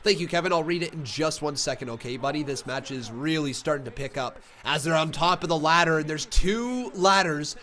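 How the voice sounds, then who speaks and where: A man streaming live, chatting with viewers and reacting loudly to wrestling as it happens. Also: fairly high pitch, brisk, few pauses. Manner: loud excitable shouting calls; chatty, reads viewer comments.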